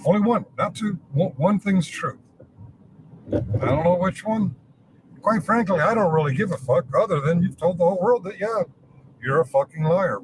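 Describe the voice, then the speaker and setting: A man's voice: high voice, normal speed, background noise. A man ranting to the camera, arguing his point over and over with plenty of swearing. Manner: preachy, argumentative, swearing. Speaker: streamer.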